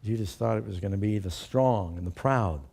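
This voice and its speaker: A man's voice: lowish voice, normal speed, creaky, a little mellow, husky. A male pastor preaching a sermon, emphatic and putting rhetorical questions to his congregation.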